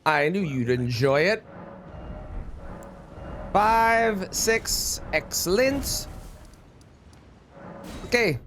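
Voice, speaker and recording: A man commentating his own gameplay live, greeting viewers and cursing at the game when it misbehaves. His voice sits high and swings widely in pitch. The tone is loose, chatty and unscripted. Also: sing-song, slow, long pauses, a bit bright, a little hiss or hum. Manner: chatty, swears at the game in frustration. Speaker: game streamer.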